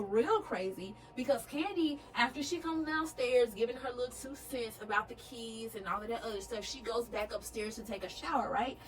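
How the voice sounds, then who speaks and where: A woman's voice: a little high, a bit bright, low-quality recording. A young woman vlogger telling a storytime, chatty and checking in with her viewers. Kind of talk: storytime vlog.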